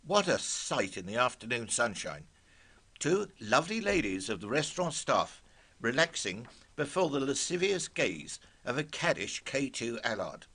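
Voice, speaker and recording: An older man narrates a scripted memoir with a wry, vivid touch. His voice is bright and ringing, rising and falling with lively expression. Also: medium pitch, moderate pace. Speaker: storyteller.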